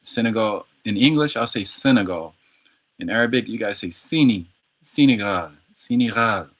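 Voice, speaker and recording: A man's voice: on the low side, animated, moderate pace. A man on a casual livestream practicing Arabic words, repeating them over and over in a slangy, playful way. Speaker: streamer learning Arabic.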